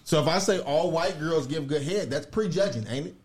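A man's voice: on the high side, fairly quick. A man co-hosting a podcast who argues bluntly and stammers through restarts. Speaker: podcast co-host. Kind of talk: casual debate chat.

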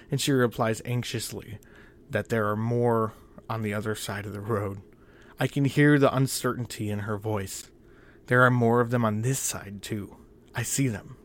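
A man narrating a first-person horror story in a measured, tense, often quiet way. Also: fairly low pitch.

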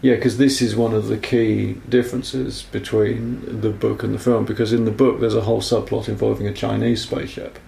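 A man talks through a film in a casual podcast chat, his voice gravelly with a mellow, dark tone. He rambles, corrects himself as he goes and apologises for getting nerdy. The room around him sounds echoey. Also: lowish voice, flat delivery, fairly quick, few pauses, a little hiss or hum. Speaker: podcast co-host.

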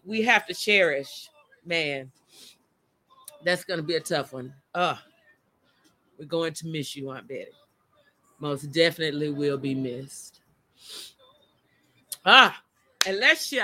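A woman's voice: on the low side, bright, forceful tone. A woman hosting a casual live stream, chatty and emotional, talking straight to her viewers from outdoors. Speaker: live show host. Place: outdoors by a motion-sensor light in the wind.

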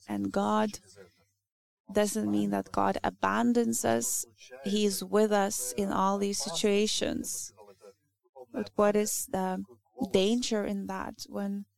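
A woman whose first language is Lithuanian, preaching a sermon in an earnest, halting way with many restarts. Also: medium pitch, vocal fry, darkish tone.

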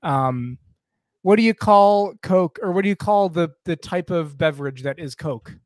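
Rambling higher-voiced podcast co-host, a man. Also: lively intonation, normal speed, dry recording, clean studio sound. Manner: rambling, goes off on tangents. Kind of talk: casual podcast chat.

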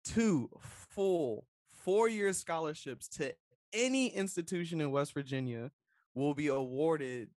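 A man's voice: fairly high pitch, expressive, unhurried, a little mellow, no room sound. A man presenting a news item in casual podcast chat, reading it out in a joking, slangy tone.

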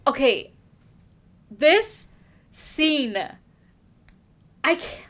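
A woman co-hosting a casual book discussion, animated and laughing often as she sums up scenes and reads passages aloud. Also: sits high, extremely slow. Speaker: book podcast co-host.

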